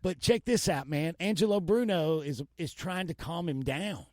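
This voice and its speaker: A man's voice: fairly high pitch, moderate pace, darkish tone, dry recording, clean studio sound. Laid-back, profane male podcast host. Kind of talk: casual podcast chat.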